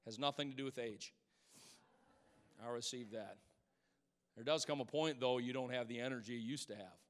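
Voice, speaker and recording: A man preaching a sermon as pastor in a church, swinging between loud exclamations and hushed asides and calling out to the congregation. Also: mid-range voice, moderate pace. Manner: calls out to the congregation. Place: church sanctuary. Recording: long church hall reverb.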